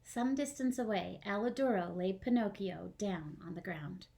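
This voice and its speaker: A woman's voice: medium pitch, moderate pace, gravelly, heavy background noise. A young woman, a first grade teacher at home, reading a storybook aloud and chatting with her class. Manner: chatty, asks the kids questions.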